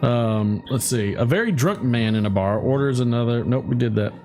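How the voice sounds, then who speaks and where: A man co-hosting a casual podcast, reading bar jokes aloud in an unhurried, dry tone. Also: mid-range voice, animated, dark tone, faint music behind. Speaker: podcast co-host.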